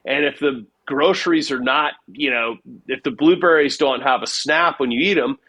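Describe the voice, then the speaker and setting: A man as a guest in a casual interview, talking in a rambling, animated way with plenty of filler words and stories. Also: mid-range voice, moderate pace. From United States. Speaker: guest investor.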